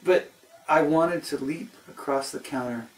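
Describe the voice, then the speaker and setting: A man's voice: a little high, measured pace, reverberant, recorded from a distance, rough recording. An American man telling a rambling comic travel story, often breaking off and restarting with exasperation. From United States.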